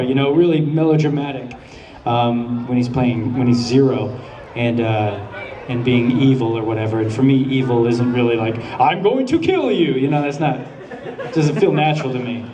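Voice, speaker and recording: A man's voice: medium pitch, steady tone, normal speed, mellow, lo-fi sound, slight background noise. A man answering questions as the voice actor guest on a convention panel, laid-back and laughing often as he tells stories. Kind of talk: panel Q&A storytelling. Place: large convention hall. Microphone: handheld camera far from the stage. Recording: echoey hall from far off, audience. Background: audience murmurs and laughter.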